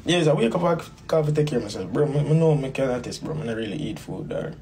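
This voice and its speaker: A man's voice: medium pitch, expressive, quick pace, gravelly, dark tone, slight background noise. A man with a Jamaican accent telling a personal story in a rambling, casual way, repeating phrases and calling the listener "bro". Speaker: dancehall artist.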